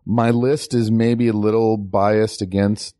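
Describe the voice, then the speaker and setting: A man's voice: on the low side, level tone, slow pace, warm tone, no room sound, clean studio sound. A man co-hosting a casual movie podcast, laid-back, asking questions and sharing film trivia. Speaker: podcast co-host.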